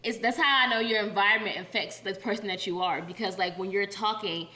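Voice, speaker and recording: A woman's voice: mid-range voice, brisk, bright, forceful tone. A woman from Virginia co-hosting a podcast in casual, slangy chat, laughing often and talking over a computer setup. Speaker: podcast co-host. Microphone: webcam and computer setup.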